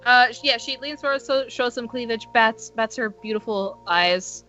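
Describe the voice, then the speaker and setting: A woman's voice: a little high, moderate pace, bright, forceful tone, highs cut off, soft background music. A woman playing a tabletop role-playing game, describing her character with frequent giggles. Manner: giggly, playful. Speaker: player.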